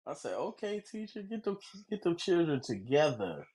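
A co-host throws blunt, joking questions and curses into a friend's story. The voice is husky and leaps all over its range. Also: mid-range voice, very animated, moderate pace, darkish tone. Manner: blunt, joking interjections with swearing. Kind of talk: casual chat, reacting.

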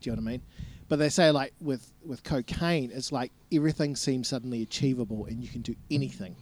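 A man's voice: mid-range voice, fast talker, a little mellow. A young man, co-hosting a podcast, teasing and laughing as he asks probing questions. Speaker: podcast co-host. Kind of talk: casual chat.

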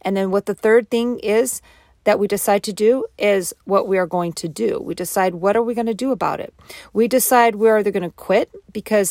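A woman giving a motivational self-help talk, animated and acting out quoted inner voices. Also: medium pitch, normal speed, no echo, clean studio sound.

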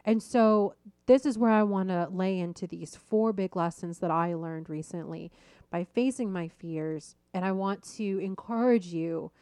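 A woman coach and podcast host telling a story in a casual, animated way and laughing at herself as she goes. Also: fairly low pitch, unhurried, clear, resonant tone, dry recording.

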